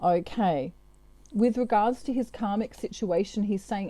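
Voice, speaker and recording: A woman's voice: mid-range voice, normal speed, warm tone, no room sound. A woman giving a casual, chatty tarot reading, full of fillers and asides. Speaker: tarot reader.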